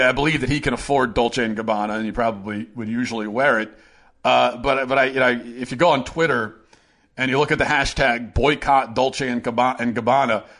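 Sarcastic male opinion host. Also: mid-range voice. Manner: sarcastic, animated commentary. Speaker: podcast host. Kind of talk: political opinion monologue.

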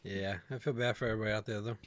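A woman co-hosting a casual chat, dropping wry jokes and quick remarks. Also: a bass voice, steady tone. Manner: wry, jokey interjections. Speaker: podcast co-host.

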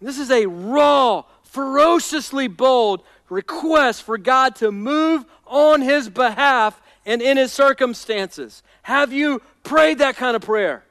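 A man's voice: extremely high pitch, takes it slowly, few pauses, a bit bright, no room sound. A man preaching a sermon, building intensity through repeated phrases. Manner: preaching with rising intensity and repetition. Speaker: pastor.

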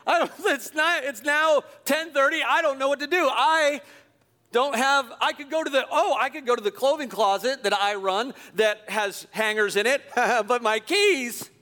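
A middle-aged man, a pastor, telling a self-deprecating story in a sermon, animated and chuckling as he goes. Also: extremely high pitch, moderate pace. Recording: long hall reverb.

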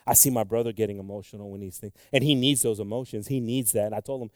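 Guy preaching a sermon, gets loud then drops way down quiet, dry close sound. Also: fast talker, few pauses, no echo. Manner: impassioned, swinging between loud exclamations and low, quiet asides.

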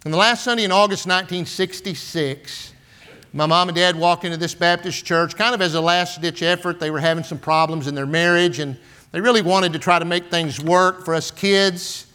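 A man's voice: on the high side, a bit bright, clear, resonant tone. A man, preaching in a folksy, storytelling way full of "and, uh" and "man". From San Antonio, Texas. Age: 60s. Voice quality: folksy, filler-heavy with "and, uh" and "man". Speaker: pastor. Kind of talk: storytelling sermon.

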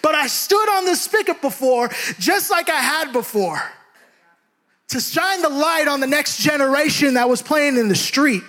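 Young male preacher, Bay Area raised, animated storyteller who shouts and laughs mid-sermon. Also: very high-pitched, moderate pace. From San Francisco Bay Area.

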